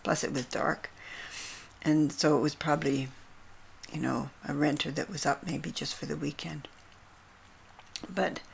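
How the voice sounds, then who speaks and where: An older woman, a grandmother, telling a personal story in an earnest, soft voice that often sinks to a breathy near-whisper. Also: deep voice, slight background noise. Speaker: vlogger.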